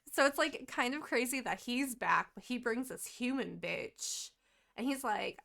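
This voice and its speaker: A young woman co-hosting a podcast, casually retelling a book's plot in a lively, profane way and acting out the characters' lines. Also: fairly high pitch, creaky. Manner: animated and profane, acts out quoted characters. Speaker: podcast co-host.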